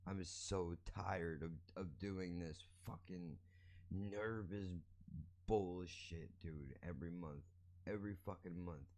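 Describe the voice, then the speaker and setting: A man's voice: low voice, slow, darkish tone. A man hosting a podcast, giving a blunt, profane, ranting monologue. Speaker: podcast host.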